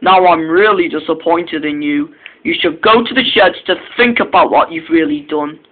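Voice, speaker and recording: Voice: mid-range voice, normal speed, natural voice. A speaker voicing a stern man in charge of the railway, scolding and stumbling over restarted words. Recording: tinny phone-like sound, faint hiss.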